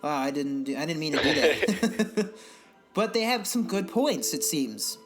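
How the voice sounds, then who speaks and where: A young man chats on a home podcast in a fairly high voice, rambling and swearing freely as he rants. Faint music plays underneath. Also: lively intonation, measured pace. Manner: rambling, profane, exasperated ranting. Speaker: podcast co-host. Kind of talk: casual podcast chat.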